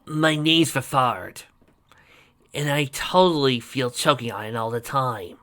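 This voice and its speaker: A reader voicing a small, sulky halfling necromancer who meets everything with dry sarcasm. The storybook voice stays bright and clear, with grumbling asides. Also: mid-range voice, measured pace, close to an everyday voice. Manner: sardonic, sulky.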